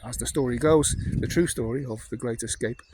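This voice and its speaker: A North Welsh man in his late fifties tells stories in a loose, meandering way, full of ums and asides. His voice sits at an ordinary middle pitch. The recording carries a clear layer of noise with birdsong behind him. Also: fairly quick. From North Wales. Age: 50s. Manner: rambling, chatty, full of fillers. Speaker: vlogger. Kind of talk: casual anecdotal monologue.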